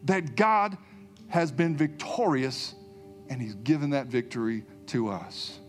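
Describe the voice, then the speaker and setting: A man's voice: a little high, animated, moderate pace, soft background music. A man preaching a sermon, emphatic, repeating key phrases and calling out hallelujah.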